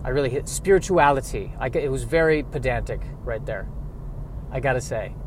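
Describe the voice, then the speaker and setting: A grieving man talking through a reflective personal monologue, halting and rambling, with self-deprecating asides. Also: medium pitch, noisy background.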